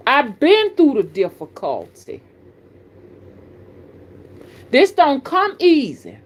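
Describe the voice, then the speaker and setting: Southern woman host, middle-aged, folksy and animated, talks straight to her audience. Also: medium pitch. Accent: Southern American. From American South. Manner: folksy, animated, addresses viewers as y'all. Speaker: spiritual reader and channel host. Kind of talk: casual live-stream talk.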